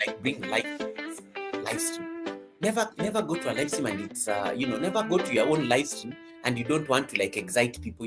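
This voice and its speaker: A man hosting a casual live-stream class, chatty and teasing, greeting viewers by name. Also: medium pitch. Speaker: live-stream host and YouTube coach.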